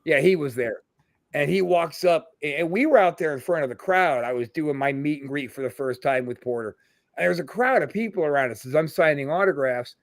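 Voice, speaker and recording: A middle-aged man with a slightly higher voice, hosting a casual podcast and telling profane, reminiscing stories. He acts out quoted people as he goes. His voice sounds close and dry, with no room around it. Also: fairly quick, no echo. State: throat tightening with emotion. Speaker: podcast host.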